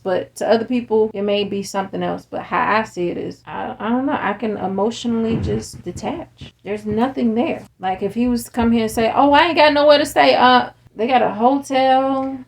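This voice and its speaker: A podcast host who is also a parent leads a candid, casual chat, speaking bluntly and animatedly while acting out the people she quotes. Her voice is a little high and gravelly, moving at a normal speed with few pauses.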